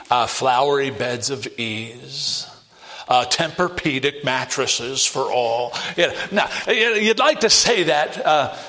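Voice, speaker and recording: A man preaching a sermon in a folksy, emphatic way, his voice jumping high on key words. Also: fairly bright tone. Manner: folksy, uses many fillers and asides.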